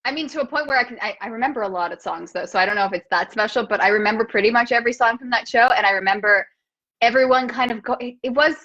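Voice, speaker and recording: A woman hosting a casual video-call chat, telling self-mocking stories in an animated way. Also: fairly high pitch, rapid-fire. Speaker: host. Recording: dull lo-fi call audio.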